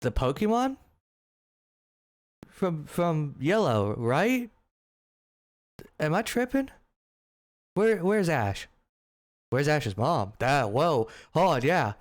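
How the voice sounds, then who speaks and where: A man giving casual, joking gameplay commentary, rambling and swearing as he reacts to the game. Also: fairly high pitch. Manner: joking, profane, animated rambling. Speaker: gaming streamer.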